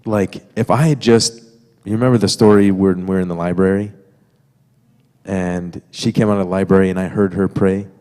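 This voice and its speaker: Deep-voiced man telling his testimony. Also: steady tone, normal speed, warm tone. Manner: easygoing, conversational, fillers and asides to the congregation. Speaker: guest speaker sharing testimony with wife. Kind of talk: storytelling testimony in church. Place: church sanctuary. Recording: reverberant church sanctuary.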